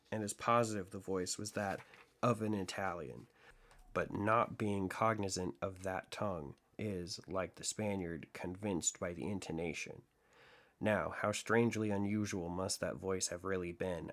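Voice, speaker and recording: A man reading as a detached, methodical gentleman sleuth. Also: sits low. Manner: measured, lecturing deductive reasoning. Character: coolly analytical gentleman detective, detached and methodical. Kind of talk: audiobook reading of classic fiction.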